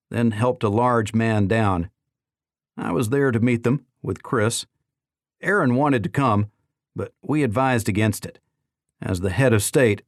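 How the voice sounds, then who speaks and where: A male audiobook narrator with a low voice reads a first-person novel in a measured, matter-of-fact way. The recording is dry and close, with no room sound. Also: no echo.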